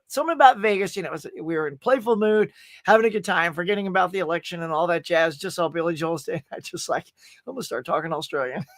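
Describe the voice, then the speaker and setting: A man's voice: high voice, fairly bright tone, no room sound, clean studio sound. A man hosting a casual livestream. He chats in a rambling way, laughs often and greets viewers by name. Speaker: livestream host. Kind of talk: casual live-stream chat.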